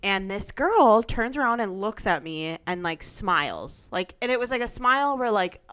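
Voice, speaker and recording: A woman's voice: medium pitch, very animated, normal speed, smooth. A woman co-hosting a podcast, telling a story in casual chat, sprinkling in "like" as she goes. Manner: storytelling with frequent "like" fillers and loud bursts of laughter. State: sick, losing her voice. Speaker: podcast co-host.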